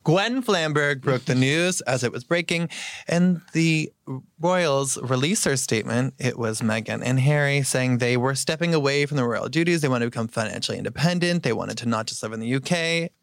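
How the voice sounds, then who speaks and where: A man hosting a podcast, briskly recapping celebrity news and teasing his co-hosts. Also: mid-range voice, no echo, studio quality. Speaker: podcast host. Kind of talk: casual panel chat.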